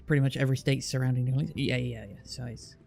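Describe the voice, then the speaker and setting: A British man streams and reads viewer comments, chatting casually and explaining at length with a lot of restarts. He talks fast at medium pitch with fairly even intonation, his voice gravelly and a little mellow, over soft background music.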